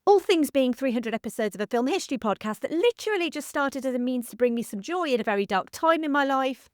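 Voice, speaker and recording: A woman in her thirties hosts a film history podcast in a heartfelt solo monologue, her high voice animated and fast as she speaks earnestly and gratefully, a little emotional. The studio-quality recording has no echo.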